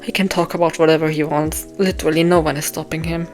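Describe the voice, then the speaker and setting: A woman's voice: low voice, fairly even intonation, fast talker, faint music behind. A young woman thinking aloud as she writes her novel, rambling and self-deprecating, with plenty of ums and restarts and a voice getting tired. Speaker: author writing a novel live. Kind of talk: casual thinking aloud while writing.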